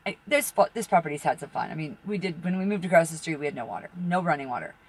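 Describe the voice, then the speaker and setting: A middle-aged woman spins a long, rambling story full of swearing, her fairly low voice leaping up and down as she goes. She laughs at her own bad luck, and dogs bark somewhere behind her. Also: expressive, quick pace, slightly rough. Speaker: tarot reader and channel host.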